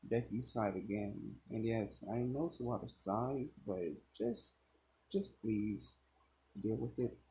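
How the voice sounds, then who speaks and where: A man's voice: lowish voice, slow pace, mellow, low-quality recording. A young man casually narrating a fan story, with rambling, swearing asides.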